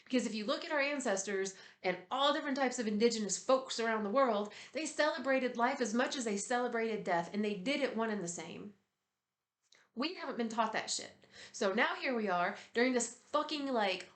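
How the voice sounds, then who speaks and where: A woman speaking as a spiritual guide in a casual, blunt talk, swearing freely and getting animated. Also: sits high, reverberant.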